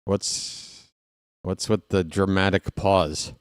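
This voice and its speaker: A man's voice: sits low, fairly even intonation, takes it slowly, clean tone, dry recording, clean studio sound. A man hosting a live stream, chatting casually and trash-talking his opponent in a playful way.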